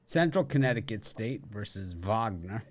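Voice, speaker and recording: A man's voice: lowish voice, big pitch swings, normal speed. A man hosting a sports betting show, rattling off college matchups and cracking dry jokes between them. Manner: joking, rattles off matchups with wisecracks. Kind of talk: casual sports betting chat.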